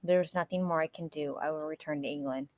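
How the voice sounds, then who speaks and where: A woman's voice: sits low, steady tone, fast, darkish tone, close to an everyday voice. A woman reading as a wounded solemn captain.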